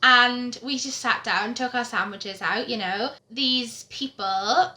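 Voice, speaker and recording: A woman's voice: fairly high pitch, measured pace, bright, forceful tone. A young woman vlogging, telling stories in a chatty, giggly way. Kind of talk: casual chat. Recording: echoey room.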